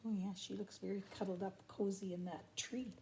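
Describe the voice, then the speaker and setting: A woman's voice: medium pitch, steady tone, moderate pace, creaky, darkish tone. An older grandmother reading a picture book aloud and stopping for chatty asides. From Canada.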